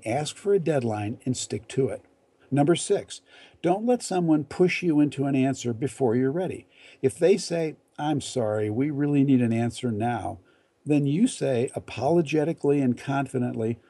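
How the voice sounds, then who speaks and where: Male etiquette instructor, mellow and gravelly, deliberate numbered advice, dry close sound. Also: medium pitch, lively intonation, no room sound. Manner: measured, deliberate delivery with quoted example lines. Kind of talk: numbered advice talk to camera.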